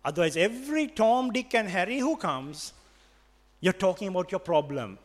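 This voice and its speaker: A man's voice: high-pitched, big pitch swings, normal speed. A man with a Sri Lankan accent preaching a sermon, emphatic and repetitive, switching between English and Sinhala.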